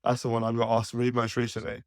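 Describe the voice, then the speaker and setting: A man giving thoughtful, conversational answers as a podcast guest, pausing to find his words. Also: medium pitch, monotone, vocal fry, no room sound, clean studio sound. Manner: thoughtful, with frequent fillers and restarts.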